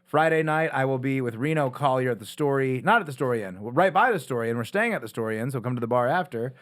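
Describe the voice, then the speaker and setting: Fast-talking man, podcast co-host. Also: medium pitch. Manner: fast, excitable, laughs often. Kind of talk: casual comedy podcast banter.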